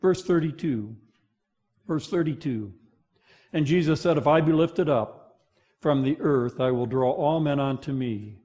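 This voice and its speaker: A man preaching a sermon, swinging between loud emphasis and hushed moments, asking the congregation to finish verses. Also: medium pitch, normal speed. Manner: asks the congregation to fill in verses. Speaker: pastor.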